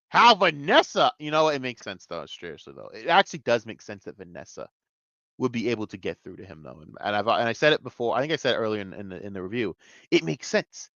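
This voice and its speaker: Excitable, profane man ranting a review. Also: mid-range voice, fairly quick, no room sound, dull audio. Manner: excitable, profane, jumps between shouting and muttering. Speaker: TV show reviewer. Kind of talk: casual video review rant.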